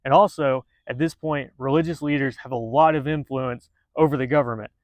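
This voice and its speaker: A man's voice: mid-range voice, steady tone, brisk, no room sound. Sarcastic male storyteller, dry close sound. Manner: sarcastic, profane, chatty. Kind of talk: casual storytime narration.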